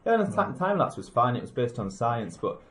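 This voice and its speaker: A man's voice: mid-range voice, big pitch swings, fairly quick, fairly bright tone. A man co-hosting a casual podcast, picking apart a film in an analytical, rambling way with many restarts. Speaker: podcast co-host. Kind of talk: casual film review chat.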